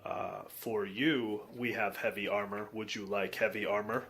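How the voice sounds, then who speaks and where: A man voicing a gruff orc chief who speaks in slow, broken phrases. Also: lowish voice, fairly even intonation, fairly bright tone, a little hiss or hum, voice pushed down.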